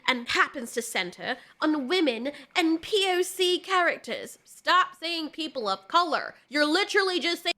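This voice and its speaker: A woman's voice: sits high, lively intonation, normal speed, hardly any pauses, bright, forceful tone. A woman reading her own scripted video commentary, sarcastic and ranting, passionate as she speaks. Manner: calls herself passionate when she speaks. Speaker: online commentator.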